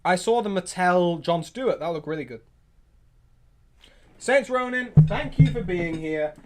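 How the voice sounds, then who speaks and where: A man hosting a livestream, chatting casually and reacting to viewer comments in an excitable, rambling, opinionated way. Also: high-pitched, slight background noise. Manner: excitable, rambling, quick restarts and opinionated asides. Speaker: livestream host.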